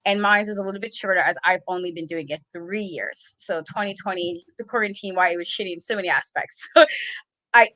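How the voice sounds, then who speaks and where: A woman's voice: on the low side, fairly bright tone, dry recording, low-quality recording. A woman co-host giving a heartfelt tribute to a friend, crying and laughing as she talks. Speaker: podcast co-host. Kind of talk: emotional tribute in casual chat.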